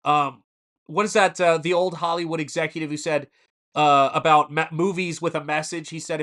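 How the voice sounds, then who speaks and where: A man's voice: fairly high pitch, level tone, moderate pace, a bit bright. A man in his forties hosting a casual live stream, telling rambling stories and stopping to answer the chat. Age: 40s. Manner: rambling storyteller who answers chat mid-story.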